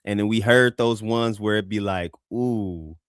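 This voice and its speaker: A man from California hosting a live music review show, talking in a laid-back, slangy way with halting restarts. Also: lowish voice, steady tone, fairly bright tone, smooth, no echo, clean studio sound. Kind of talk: casual live reaction chat.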